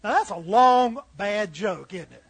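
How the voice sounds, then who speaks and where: A man's voice: high-pitched, lively intonation, measured pace, slightly rough, no echo, rough recording. A man preaching a sermon, telling folksy humorous stories and acting out the characters.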